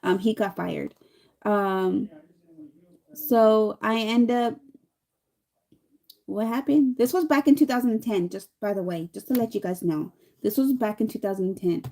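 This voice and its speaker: A woman's voice: mid-range voice, a little slow, vocal fry, long pauses. A woman in her thirties chatting casually while doing her makeup, telling a rambling story and acting out the lines of the people in it. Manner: chatty, rambling, animated quoting. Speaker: vlogger.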